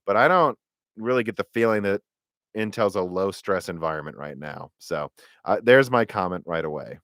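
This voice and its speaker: A man with a low voice hosts a live tech Q&A stream, close on the mic and recorded dry. He rambles in an animated way, restarting and correcting himself as he goes. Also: normal speed, no echo. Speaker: tech podcast host.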